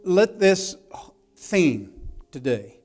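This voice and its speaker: A man pastor giving slow affirming responses, then moving on to scripture in his sermon. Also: high-pitched, very animated, darkish tone, faint music behind.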